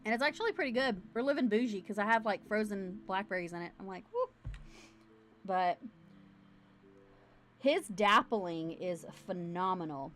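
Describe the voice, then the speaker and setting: A woman's voice: mid-range voice, animated, moderate pace, long pauses, fairly bright tone, faint music behind. A woman hosting a casual livestream from home, chatting in a bubbly, rambling way straight to her camera. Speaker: livestream host. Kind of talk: casual live-stream chat.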